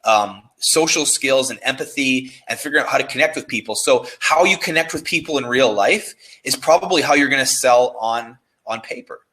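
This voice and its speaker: A man's voice: medium pitch, fairly quick, few pauses, pushed and bright, poor audio. A man being interviewed about copywriting, talking in a loose, profane, restless way and often restarting his words. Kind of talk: casual conversation.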